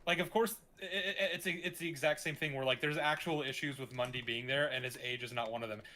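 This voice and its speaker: A man talking over a call in casual gaming chat, mid-pitched and animated. He rants with plenty of swearing and stammered restarts. A faint hiss sits behind his voice. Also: fast. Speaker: co-host.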